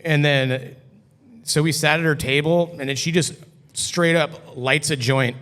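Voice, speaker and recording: A man's voice: fairly high pitch, steady tone, measured pace, a bit bright, clean tone. A man who is a podcast guest, telling a story in a loose, cursing, casual way full of "like". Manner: loose and profane, heavy use of "like". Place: brewery taproom. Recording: long hall reverb.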